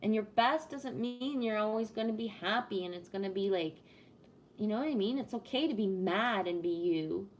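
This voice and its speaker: On a live stream, a woman chats casually at a moderate pace, reading viewer comments aloud and talking straight to chat. She swears a lot and rants with her pitch rising, and there's a little hiss or hum on the audio.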